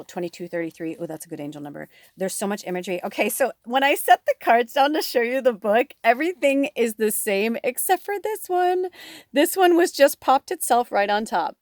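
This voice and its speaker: A woman's voice: mid-range voice, no room sound, clean studio sound. A woman giving a casual tarot reading to her viewers, rambling chattily and breaking into laughs often. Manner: chatty and rambling, heavy on fillers; laughs often while talking. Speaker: tarot reader.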